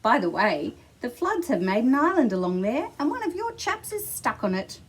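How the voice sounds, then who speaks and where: Woman doing squeaky teasing storybook ducks. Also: very animated, normal speed, breathy edge, exaggerated voice. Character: chattering cheeky ducks, high and teasing.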